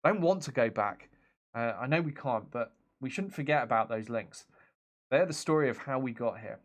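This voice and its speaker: A man voicing a weary older male settlement leader, sentimental and reflective, plain read-aloud game dialogue, mid-pitched voice, no put-on accent. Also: lively intonation, moderate pace, lightly acted. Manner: plain reading, no accent attempted.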